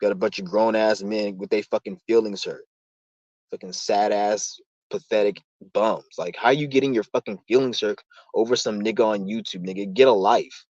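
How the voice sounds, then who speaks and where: A man's voice: on the low side, fairly even intonation, normal speed, darkish tone, dry recording, highs cut off. A young man hosting his own channel, ranting in a heated, profane, rambling way. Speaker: channel host. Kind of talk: casual rant on a live stream.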